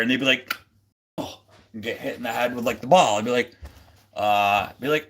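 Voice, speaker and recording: A man's voice: medium pitch, normal speed, long pauses, a bit bright. A man hosting a casual livestream, rambling with lots of fillers and restarts and a jokey, goofy manner. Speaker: livestream host.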